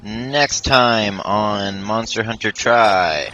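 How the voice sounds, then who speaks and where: A man with a lowish voice draws out his words, sounding pushed and bright, on a muffled recording with game music underneath. He's a let's play commentator whose casual gameplay talk is rambling and self-deprecating, riddled with fillers and restarts.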